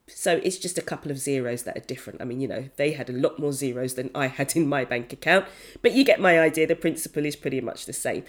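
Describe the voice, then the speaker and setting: A woman in her fifties, an accountant hosting a podcast, telling her own story in a chatty, candid way with frequent self-corrections and asides. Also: on the low side. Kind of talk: personal storytelling monologue.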